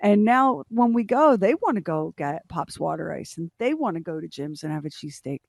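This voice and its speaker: A woman's voice: lowish voice, brisk, creaky, no room sound, clean studio sound. A middle-aged woman from Philadelphia, a radio co-host telling vivid stories in casual chat. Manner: vivid, animated storyteller.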